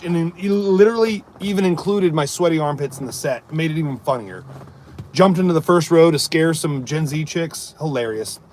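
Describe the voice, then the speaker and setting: A man and amateur comic chatting on a live stream, telling rambling jokey stories and answering his viewers. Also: fairly high pitch. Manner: jokey, rambling storyteller who chats to viewers.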